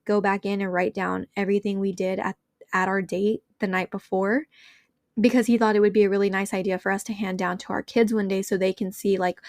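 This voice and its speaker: A woman's voice: mid-range voice, no echo, clean studio sound. Young woman podcast host, bubbly casual storyteller, mid-range voice, chatty delivery. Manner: bubbly, chatty, leans on filler "like", addresses listeners as y'all.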